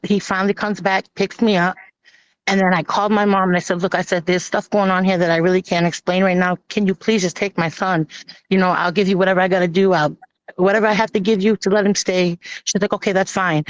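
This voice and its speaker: A woman telling her own hard story on a live stream, halting with many pauses and restarts and acting out what others said. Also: on the low side, steady tone, no echo. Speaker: guest sharing her personal story. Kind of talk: emotional personal testimony on a live stream. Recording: dull lo-fi stream audio.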